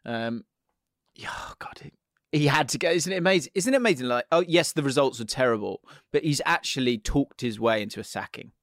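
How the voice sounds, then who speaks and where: A man's voice: medium pitch, animated, fast, fairly bright tone, no room sound, clean studio sound. A man co-hosting a podcast in casual football chat, rambling and giggling, often trailing off mid-sentence. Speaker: podcast co-host.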